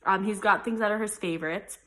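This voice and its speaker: A woman's voice: medium pitch, steady tone, brisk, pushed and bright. A young woman chatting casually in a vlog, rambling with lots of fillers. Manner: chatty and rambling, many likes and ums. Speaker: mom vlogger. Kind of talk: casual chat.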